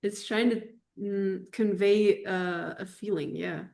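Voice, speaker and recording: A woman joins a relaxed podcast debate, feeling her way through her points and stopping to hunt for the right word. Her pitch sits in an ordinary middle range. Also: takes it slowly, creaky. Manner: tentative, searching for words. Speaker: podcast co-host. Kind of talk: casual discussion.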